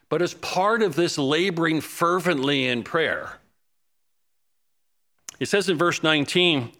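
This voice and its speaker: Male preacher, fervent sermon, bright ringing tone, slightly high voice. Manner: fervent, rising to urgent pleading when quoting prayer.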